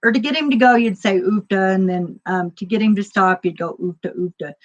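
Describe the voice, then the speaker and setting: A woman's voice: medium pitch, fairly quick, lo-fi sound. A woman chatting casually as a stream host, rambling and laughing often. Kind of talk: casual chat.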